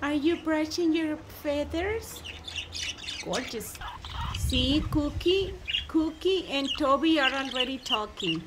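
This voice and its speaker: A high-pitched woman coos at her budgies in slow, doting baby talk, taking her time over every word. Her voice sits over loud, constant budgie chirping and squawking in an outdoor aviary. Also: expressive, noisy background. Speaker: bird keeper talking to her pet budgies. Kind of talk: casual chat with pets. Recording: loud bird chatter over the voice.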